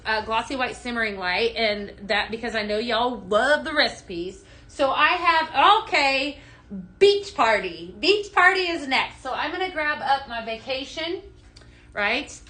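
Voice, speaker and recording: A woman's voice: on the high side, lively intonation, a little slow, bright, forceful tone. A young woman hosting a live home-products shopping stream, chatty and bubbly, reading viewer comments aloud as she goes. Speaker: live shopping show host.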